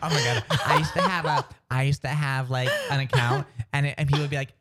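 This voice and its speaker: A man's voice: mid-range voice, fairly even intonation, quick pace, background noise. A man hosting a morning radio show, playful, teasing and self-mocking. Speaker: radio host. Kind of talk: casual morning radio banter.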